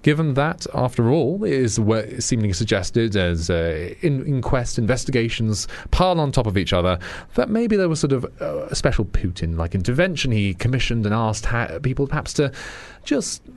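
A man's voice: medium pitch, big pitch swings, normal speed, a little mellow. A man hosting a political radio show, talking in a chatty, wry way with many fillers and restarts. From Britain. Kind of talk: radio monologue on current affairs.

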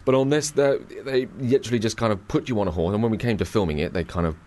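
A man, a guest telling a story in a lively way and acting out the voices in it. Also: lowish voice, fast. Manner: animated, acts out voices in his stories. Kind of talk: anecdotal storytelling.

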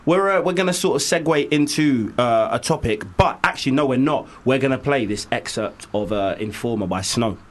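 A man's voice: mid-range voice, fairly quick, few pauses. A man hosting a casual podcast chat, wry and joking as he leads the talk. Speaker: podcast host.

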